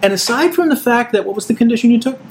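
A man narrating a tabletop role-playing game as game master, lively and given to fillers. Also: very high voice, rapid-fire, slight background noise.

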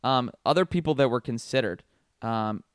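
A man's voice: mid-range voice, moderate pace, clean tone, dry recording, clean studio sound. Profane joking man on a podcast. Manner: profane, joking, rambling with fillers. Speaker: podcast co-host. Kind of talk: casual chat.

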